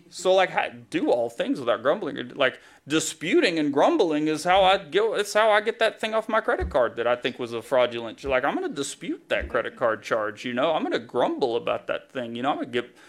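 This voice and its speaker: A man's voice: a little high, big pitch swings, fairly quick. A male pastor giving a conversational sermon, telling a story with self-deprecating humor and a casual delivery full of fillers.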